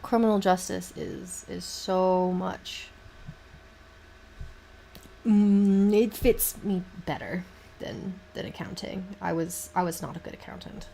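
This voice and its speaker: A young woman with a Southern US accent, chatting casually on a livestream in a halting, rambling way with many restarts. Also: lowish voice, fairly even intonation, gravelly, warm tone, a little hiss or hum. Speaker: livestream host. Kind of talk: casual chat while painting on stream.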